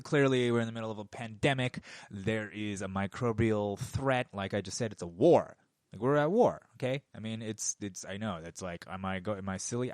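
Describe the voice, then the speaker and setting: A man's voice: lowish voice, no echo, studio quality. A man in his forties ranting casually and heatedly into a microphone, swearing constantly. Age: 40s. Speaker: podcast host. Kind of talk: casual rant. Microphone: studio microphone.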